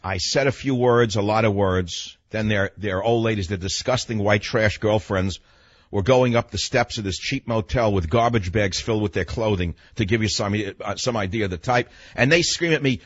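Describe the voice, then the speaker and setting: A man's voice: on the low side, normal speed, no echo, highs cut off. An older man from New York hosting a radio talk show, telling a story in a blunt, emphatic monologue.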